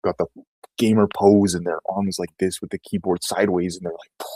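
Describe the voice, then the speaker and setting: Low husky man, rambling storyteller. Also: level tone, a little fast, dark tone, no room sound, rough recording. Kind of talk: casual conversation.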